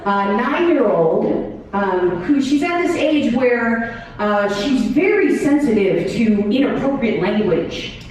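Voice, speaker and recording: A woman's voice: on the high side, animated, slow, darkish tone. A woman performing a stand-up comedy set, telling wry stories and acting out short quotes, heard from far off in an echoey live room.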